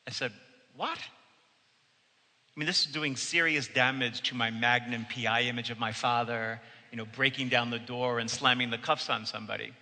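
A man preaching a sermon in a bright, forceful voice. He tells a story earnestly, and his words ring out with a long reverb through a church. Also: mid-range voice, fairly even intonation, moderate pace. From United States. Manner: storytelling, earnest, quotes with raised voice. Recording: long reverb of a large hall.

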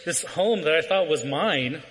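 Man, sermon storytelling, slightly high voice, long reverb of a hall. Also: expressive, measured pace, a bit bright. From Southern California. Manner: storytelling with frequent "right?" asides.

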